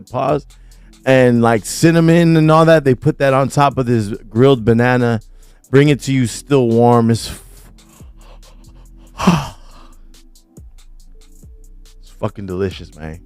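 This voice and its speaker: Give me a young man vlogging about a trip, loose and excitable, with faint music behind him. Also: medium pitch, clean tone, no room sound. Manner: slangy and excitable, whoops loudly; swears casually, many fillers. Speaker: vlogger describing a food trip. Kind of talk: casual chat over photos. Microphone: studio mic.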